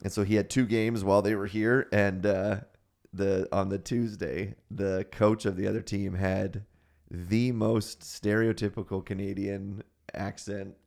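Gravelly low-voiced podcast host. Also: male voice, a little slow. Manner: relaxed, laughs often, leads the topic. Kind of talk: casual chat.

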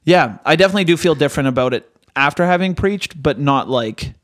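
A man's voice: fairly high pitch, animated, fast, fairly bright tone, dry recording, studio quality. A man who preaches, co-hosting a podcast and reflecting aloud in hesitant, thoughtful casual chat. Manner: thoughtful, hesitant restarts, talks through ideas. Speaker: pastor and podcast co-host.

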